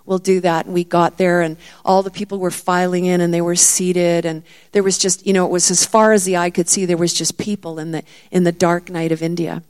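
A woman's voice: lowish voice, little pitch movement, fairly quick, few pauses, a little mellow, smooth. A middle-aged woman delivers a sermon in a storytelling voice. She acts out the words of the people in her story, lifting her voice as she stresses each point. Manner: storytelling, acts out the disciples' lines with rising emphasis. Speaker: preacher.

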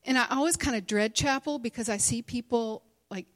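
A middle-aged woman, a conference speaker and teacher, shares a personal testimony candidly with a women's gathering. Her voice is on the high side and brisk, and her conversational telling is full of fillers.

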